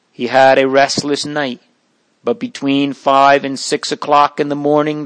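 A man reading aloud from an old memoir in a slow, measured, solemn way. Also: mid-range voice, no echo. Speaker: reader.

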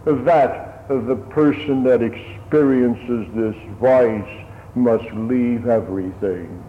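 A man preaching a sermon slowly and solemnly, building to raised emphasis at times. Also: fairly low pitch, slight background noise. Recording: tinny phone-like sermon recording in an echoey hall.

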